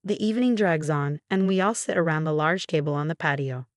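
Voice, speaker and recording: A woman narrating a first-person story in an even, measured way. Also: deep voice, dry recording, clean studio sound.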